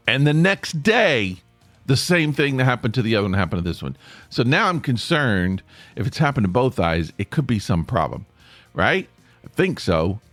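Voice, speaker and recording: A middle-aged man chats alone into the mic, rambling and poking fun at himself as he speaks straight to his listeners. His pitch swings up and down a lot. The sound is dry and close, with faint music underneath. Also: no room sound. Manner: rambling, self-deprecating, talks to listeners directly. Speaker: podcast host. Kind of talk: casual solo podcast monologue.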